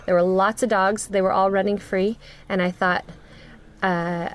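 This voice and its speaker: A woman speaking as an interview guest, telling a personal story earnestly with frequent pauses and restarts. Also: mid-range voice, little pitch movement, a little hiss or hum. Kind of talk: conversational storytelling.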